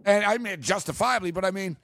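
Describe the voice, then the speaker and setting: A man co-hosting a sports talk show, ranting in a casual, animated way. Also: sits high. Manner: ranting, animated, quick asides. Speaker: sports podcast co-host.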